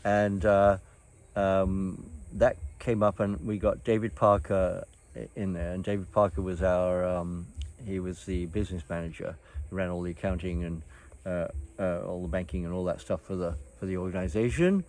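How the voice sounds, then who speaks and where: An older man recounts old times in casual, rambling fashion. His voice sits on the low side. He drifts, hesitates and restarts, filling the pauses with ums and uhs. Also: fairly even intonation, a little mellow. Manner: meandering, halting, many fillers and restarts. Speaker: storyteller recounting his past. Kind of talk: casual reminiscing chat.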